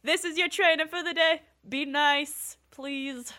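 A woman's voice: sits high, fairly even intonation, a little slow, bright, forceful tone, voice pushed up. A woman voicing a bossy female drill trainer who barks orders. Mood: commanding.

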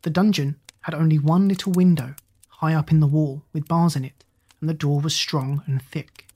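A narrator reading a children's storybook aloud in a steady, gentle way. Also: mid-range voice, moderate pace. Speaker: audiobook narrator.

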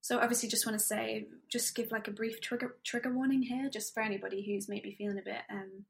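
Woman with a gravelly, creaky voice. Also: on the high side, fast. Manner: relaxed, chatty, with hesitant fillers. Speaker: podcast co-host. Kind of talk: casual chat.

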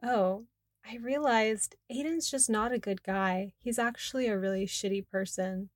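A woman's voice: mid-range voice, a little slow, no echo, clean studio sound, close to an everyday voice. A woman reading the lines of a nonchalant adult female friend in her own voice. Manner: nonchalant, matter-of-fact.

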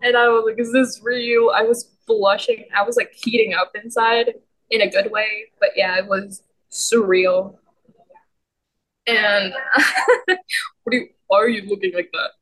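A woman co-hosting a podcast, telling a story in a casual, excitable way with lots of giggles. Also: medium pitch, measured pace, pauses often, rough recording. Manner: giggly and excitable, many fillers. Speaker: podcast co-host.

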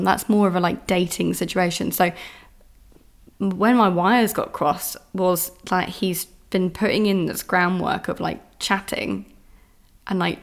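A woman's voice: fairly low pitch, creaky. A young woman hosting her own podcast, ranting casually about dating and swearing often. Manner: exasperated, swears often, mimics men's voices. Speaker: podcast host. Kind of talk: casual solo podcast rant.

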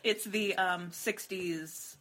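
A woman's voice: on the low side, steady tone, slow, a bit bright. Rambling, giggly woman co-host. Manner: rambling, self-interrupting, giggly. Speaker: podcast co-host. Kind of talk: casual chat.

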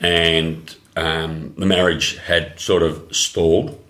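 Quiet, slow-spoken man in a roomy space. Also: extremely low pitch, little pitch movement. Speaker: guest. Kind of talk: casual chat.

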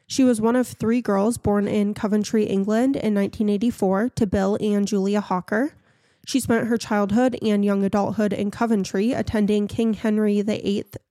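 A woman's voice: medium pitch, dark tone, no echo, clean studio sound. A woman hosting a casual podcast, frank and opinionated, telling a story to her co-host.

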